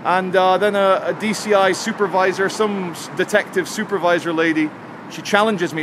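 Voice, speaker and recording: A man tells a story to his camera in a chatty, joking way as he walks a city street. His voice sits a touch high. Faint traffic and street noise hum behind him. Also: steady tone, a little fast. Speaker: vlogger. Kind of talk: walking vlog to camera.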